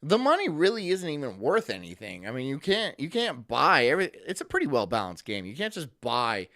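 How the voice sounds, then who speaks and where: A man's voice: mid-range voice, wildly swooping pitch, fairly quick, a bit bright. Laid-back teasing male streamer. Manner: laid-back, teasing, reads out chat messages. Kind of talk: casual live-stream chat.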